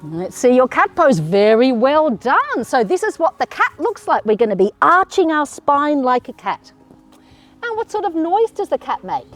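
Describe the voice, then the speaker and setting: An Australian woman guides a children's yoga class, her fairly high voice swooping up and down. She talks in an encouraging, sing-song way and makes playful animal sounds. Soft music plays behind her. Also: very animated, moderate pace. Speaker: kids yoga teacher.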